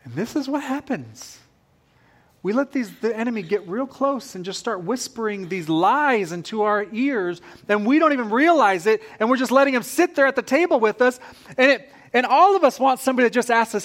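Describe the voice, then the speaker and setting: A male pastor delivering a sermon in an animated way, repeating phrases for emphasis. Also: very high voice, moderate pace.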